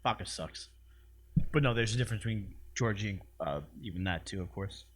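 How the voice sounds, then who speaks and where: A man's voice: lowish voice, brisk, fairly bright tone, slight background noise. A man co-hosting a podcast in casual chat, easygoing and agreeable, rambling through stories. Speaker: podcast co-host.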